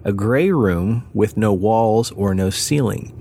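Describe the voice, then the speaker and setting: A man co-hosting a paranormal podcast reads a listener's story aloud, then jokes and swears casually with his co-host, laughing often. His voice is lowish and mellow, he takes things slowly, and there's a little hiss or hum.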